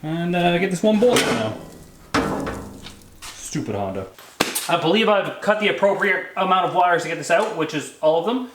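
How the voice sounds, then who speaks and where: A man's voice: sits high, fairly quick, few pauses. A man casually narrating his garage build in an offhand, joking way, with the odd swear. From Canada. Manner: joking, offhand, mildly profane. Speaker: vlogger building a drag lawnmower. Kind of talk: casual workshop vlog. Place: home garage workshop. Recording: echoey garage, faint noise.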